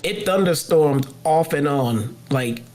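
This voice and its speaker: A man's voice: on the high side, animated, darkish tone, faint music behind. Blunt opinionated co-host man. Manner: blunt, opinionated, halting with fillers. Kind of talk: casual live-stream chat.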